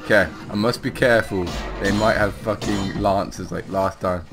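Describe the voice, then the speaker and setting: A man playing a video game, commenting casually, swearing and laughing often, swinging between loud outbursts and quiet mutters. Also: fairly low pitch, steady tone, moderate pace, over music. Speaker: gaming host.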